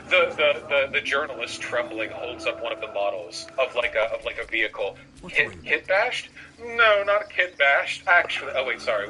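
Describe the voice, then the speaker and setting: A man's voice: mid-range voice, background noise. A man giving casual reaction commentary on a video, sarcastic and profane, rambling with lots of fillers. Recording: music playing underneath.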